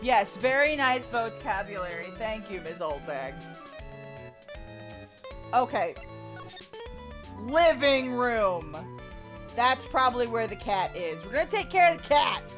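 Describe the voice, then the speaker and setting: A woman's voice: fairly high pitch, sing-song, normal speed, a bit bright. A young woman hosting a game playthrough, chatting and reading the dialogue aloud. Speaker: let's play host. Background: game music.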